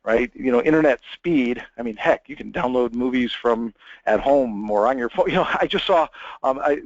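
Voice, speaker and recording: A man's voice: medium pitch, normal speed, dry recording, dull audio. A man giving a conversational technical webinar presentation, chatty, with many fillers and restarts.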